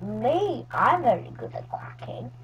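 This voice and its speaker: A woman plays an eager little girl pig from a children's storybook, with a high, very lively voice. She sounds excited and keen to help. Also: a little slow, a little hiss or hum, poor audio.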